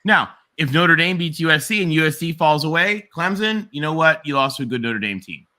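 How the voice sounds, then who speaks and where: A man co-hosting a casual college football chat, cracking jokes and making quick asides. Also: fairly high pitch, expressive, sharp tone. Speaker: co-host.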